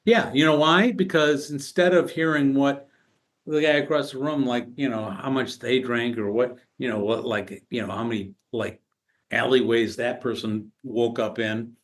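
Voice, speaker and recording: Brief: male podcast guest, mid-pitched, chatty, stumbling storyteller. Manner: halting, many restarts and fillers, animated retelling. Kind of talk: casual storytelling conversation.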